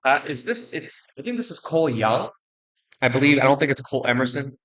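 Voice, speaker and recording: A young man in the middle of the male pitch range talks through his player rankings casually. He is blunt and jokey, rambles, restarts his sentences and tosses in quick apologies. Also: animated, fairly bright tone, poor audio. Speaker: baseball video creator.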